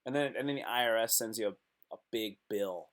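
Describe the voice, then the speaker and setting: A man chatting casually on a live stream, reading comments and reacting with sudden loud outbursts. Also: on the low side, a little fast. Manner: animated, talks to himself and chat, sudden loud outbursts.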